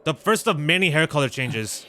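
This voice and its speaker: A man hosting a gameplay video, chatting casually and excitedly with viewers in slangy talk while he plays, with faint game music behind him. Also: on the high side, normal speed, a little hiss or hum. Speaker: gaming channel host. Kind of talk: casual let's-play commentary.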